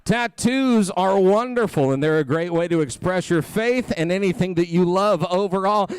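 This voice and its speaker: Brief: male gala auctioneer with a fast singsong bid chant, smooth and slightly high, dry close mic. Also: no room sound. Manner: rapid rhythmic auction chant; playful crowd banter. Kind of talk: live charity auction calling. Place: banquet hall at a gala.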